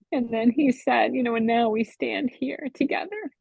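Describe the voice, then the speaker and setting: A middle-aged woman sharing a personal faith testimony at a Bible study, speaking in an emotional, halting way full of "you know". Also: on the high side, gravelly, slightly rough, no room sound. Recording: tinny phone-line sound, dry.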